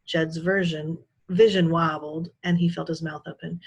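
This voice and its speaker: A teacher reads a children's novel aloud in a steady, expressive storytelling voice. Her voice is somewhat husky, and she keeps an even pace through the action. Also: low-pitched, normal speed, few pauses.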